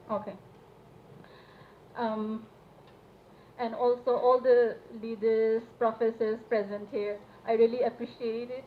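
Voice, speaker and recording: A young woman from Manipur speaks at a public event with a fairly high voice, earnest and hesitant, pausing on fillers. The sound is thin and tinny like a phone line, with a faint hiss of noise behind her. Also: flat delivery. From Manipur, India. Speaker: student representative speaking at a solidarity event. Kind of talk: public speech.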